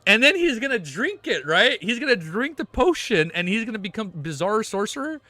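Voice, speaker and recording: A young man reads a web novel aloud on a live stream, pitched slightly high for a man. He keeps breaking off to react with swearing, laughter and shouts. The sound is dry and close, with no room around it. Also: sing-song, moderate pace, dry recording.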